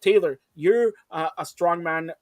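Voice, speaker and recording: A man's voice: a little high, a little slow, no echo. A male host interviewing two guests in a casual, teasing way, often talking over them.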